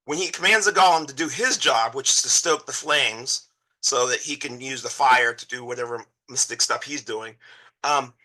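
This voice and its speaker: A man's voice: medium pitch, moderate pace, sharp tone, low-quality recording. A man co-hosting a casual film discussion, talking animatedly and acting out characters with exaggerated voices. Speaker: podcast co-host.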